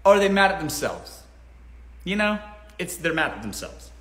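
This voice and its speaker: A blunt, animated man hosts a casual live Q&A and swears freely. His voice is high and bright, and his pitch swings widely. The sound is roomy, with an echo around it. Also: normal speed. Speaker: host.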